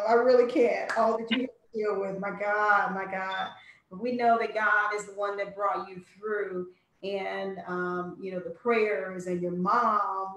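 A woman hosting a live online talk show over a video call. She speaks sympathetically and refers to God and prayer. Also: mid-range voice. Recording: echoey and distant video-call audio.

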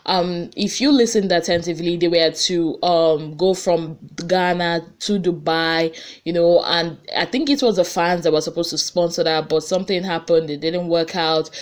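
A woman hosting a gossip channel, chatting casually to viewers and wrapping up with an upbeat sign-off. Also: fairly low pitch. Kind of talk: casual vlog commentary.

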